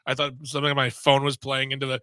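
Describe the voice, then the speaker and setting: A man's voice: mid-range voice, monotone, fast, bright, forceful tone, no room sound. A man co-hosting a radio talk show, cracking jokes and laughing in casual studio banter. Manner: joking, laughing.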